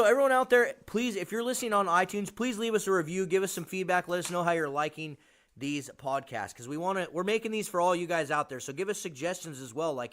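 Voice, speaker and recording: A tired man co-hosts a podcast, his voice sitting a touch high. He mumbles through loose, upbeat studio chatter. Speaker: podcast co-host. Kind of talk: casual chat.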